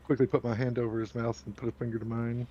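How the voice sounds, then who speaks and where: A man's voice: mid-range voice, little pitch movement, fast talker, mellow, highs cut off. A man playing a tabletop role-playing game, brash and joking, swearing casually. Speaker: player.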